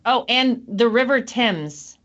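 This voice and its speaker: A woman's voice: fairly high pitch, lively intonation, takes it slowly, fairly bright tone, dull audio. A woman hosting a casual chat show, talking in an upbeat, chatty way. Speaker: host.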